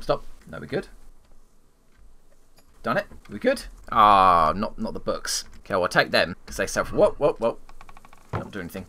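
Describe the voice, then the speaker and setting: Male streamer, let's-play commentary, wildly swinging pitch, bright edge, mutters at the game. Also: a little hiss or hum. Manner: mutters asides and talks back to game characters. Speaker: gaming streamer.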